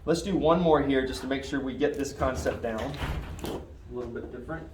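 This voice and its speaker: A man's voice: medium pitch, fairly quick, recorded from a distance. A male math teacher leads a classroom lesson, patiently asking questions and checking that his students follow along. He is heard from across an echoey room. A faint hiss of room noise sits behind him.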